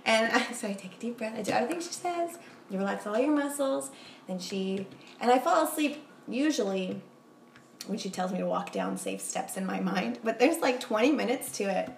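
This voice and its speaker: A woman's voice: fairly high pitch, animated, moderate pace, vocal fry. A young woman chatting casually as a podcast guest, giggly and rambling, telling confessional stories. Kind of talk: casual chat. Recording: roomy echo, faint background noise.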